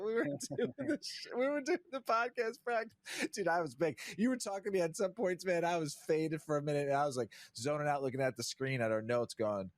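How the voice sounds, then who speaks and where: A man's voice: on the high side, expressive, brisk, no echo. Laid-back profane man podcasting. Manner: laid-back, profane, laughs often, mimics himself. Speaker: podcast host. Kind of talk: casual stoner chat.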